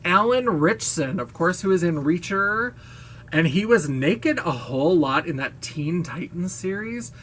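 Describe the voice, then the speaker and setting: A man's voice: high voice, expressive, measured pace, a bit bright, slight background noise. A man vlogging in a casual monologue, gushing, playful and self-mocking, with a brash, blaring voice.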